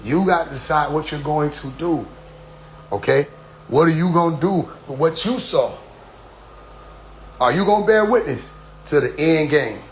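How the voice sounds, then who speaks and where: A man's voice: fairly high pitch, a little slow, pauses often, a little hiss or hum. A man in an impassioned address to his followers, preachy and full of rhetorical questions, often repeating "you see?". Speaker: group leader addressing followers.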